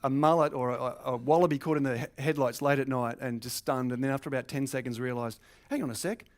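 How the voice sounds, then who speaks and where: A middle-aged Australian man, a stand-up comedian, telling a true funny story in a lively, animated way. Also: mid-range voice, fast talker. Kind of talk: comic storytelling.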